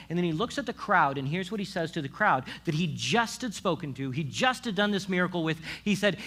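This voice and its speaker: Male pastor, lively conversational sermon delivery, bright and a touch high-pitched. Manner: casual, animated preaching with asides and quick restarts.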